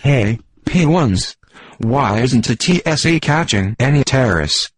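A synthetic male text-to-speech voice playing a stiff, deadpan sports computer that reads jokes in stilted, formal phrasing for a radio comedy bit. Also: mid-range voice, unhurried, slightly rough, no room sound.

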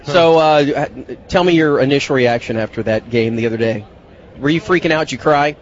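A man's voice: mid-range voice, highs cut off, some chatter behind, slight background noise. A man from Dallas, a radio host roaming a media center and teasing people in casual street interviews. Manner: joking, teasing, quick banter.

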